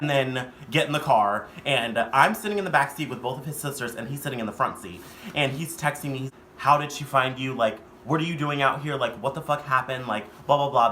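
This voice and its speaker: A man's voice: medium pitch, a bit bright, slight background noise. A young man telling a storytime vlog in a casual, profane, rambling way. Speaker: vlogger.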